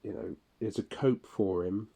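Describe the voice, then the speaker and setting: Slow, low-voiced weary man. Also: gravelly, warm tone, husky. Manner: profane, rambling and weary. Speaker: audio log host. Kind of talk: casual spoken monologue.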